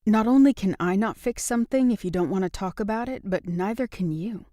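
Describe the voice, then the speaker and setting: Lady narrator doing a steady young guy who doesnt back down, mellow low tone, dry. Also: fairly quick, no room sound, lightly acted. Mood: calm. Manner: calm but blunt. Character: patient young man, firm and frank. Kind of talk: audiobook dialogue reading.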